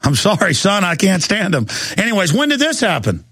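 A man's voice: high-pitched, huge pitch swings, a little fast, fairly bright tone, no room sound. A middle-aged man hosting a talk radio show, ranting heatedly and often stammering and repeating his words.

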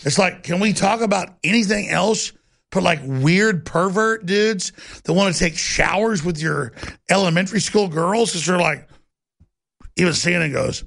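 A man hosting a talk show, rambling and emphatic, with wide swings from low growl to high outbursts. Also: measured pace, vocal fry, a bit bright. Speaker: host. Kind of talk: heated talk-show monologue.

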